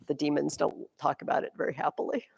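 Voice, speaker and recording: A woman teaching a high school class, explaining with energy and acting out quotes dramatically. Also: fast talker, gravelly, breathy edge, big-room sound, lo-fi sound. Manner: lively, acts out quotes dramatically. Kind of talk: classroom lecture.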